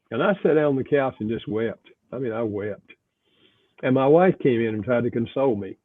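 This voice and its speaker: A man's voice: medium pitch, moderate pace, long pauses, dry recording. Older man on a tinny phone line. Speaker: author and pastor guest. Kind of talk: reflective storytelling interview.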